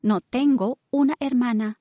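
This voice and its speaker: A woman's voice: a little high, moderate pace, no room sound, highs cut off, pitched above the performer's own voice, close to an everyday voice. Woman doing a shy, lonely hermit crab. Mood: gentle. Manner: quiet and gentle.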